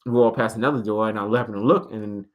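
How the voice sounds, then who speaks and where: Animated male wrestling guest storyteller. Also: on the low side, fast, highs cut off. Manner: animated, acts out quoted dialogue in changing voices; relaxed, laughs often. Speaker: podcast guest, pro wrestler. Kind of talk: casual storytelling chat.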